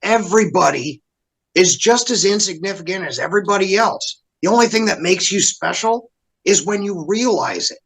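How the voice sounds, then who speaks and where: A man in casual podcast chat who talks fast and bluntly, swearing a lot. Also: high voice, lively intonation, vocal fry, fairly bright tone, breathy edge, rough recording.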